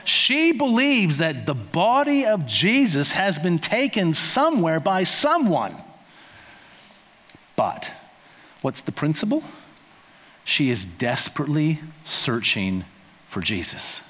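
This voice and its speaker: A man's voice: a little high, sing-song, slow, pauses often, a bit bright. A man preaching a conversational sermon, with playful asides and acted-out quotes. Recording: long hall reverb.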